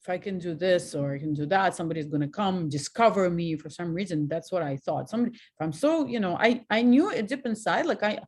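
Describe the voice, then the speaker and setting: A woman in her forties from Russia with a Russian accent, telling frank personal stories as a guest, animated and laughing at herself. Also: on the low side, fairly quick, hardly any pauses. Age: 40s. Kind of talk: candid personal storytelling.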